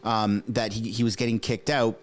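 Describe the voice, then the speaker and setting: A man whose first language is French hosts a casual political livestream, animated and profane, joking and talking straight to his chat. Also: fairly low pitch, normal speed. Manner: animated, swears, jokes, talks to chat viewers. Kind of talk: casual live commentary.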